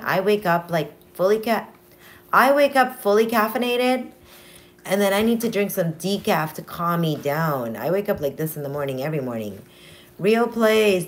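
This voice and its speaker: A woman hosting a casual morning livestream from home with her dogs, talking in a hyper, playful put-on accent. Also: mid-range voice. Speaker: livestream host.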